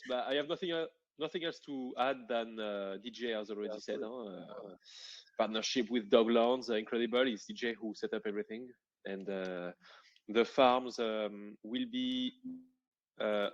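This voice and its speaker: Male team member, halting friendly update, dry lo-fi call audio. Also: mid-range voice, fairly even intonation, no echo. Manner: hesitant, lots of uh, friendly.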